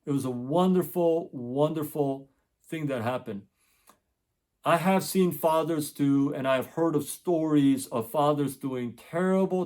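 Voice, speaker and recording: A man's voice: medium pitch, darkish tone. A middle-aged man, a tutor hosting his channel, telling a story in a casual monologue and earnestly repeating his points for emphasis. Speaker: tutor and education channel host.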